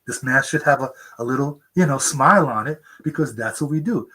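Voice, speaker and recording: A man's voice: a little fast, few pauses, fairly bright tone, poor audio. A seventy-year-old man, an author, telling earnest stories in an interview and acting out quoted people in a raised voice. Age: 70s. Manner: earnest storyteller, acts out quotes in a high voice. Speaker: author guest. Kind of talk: conversational interview. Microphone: remote interview mic.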